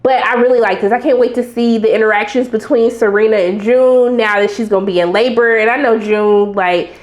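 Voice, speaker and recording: High-voiced sassy woman recapping a show. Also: brisk, reverberant. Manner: animated and sassy, acts out reactions to the characters. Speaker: TV recap reviewer. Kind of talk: casual episode recap.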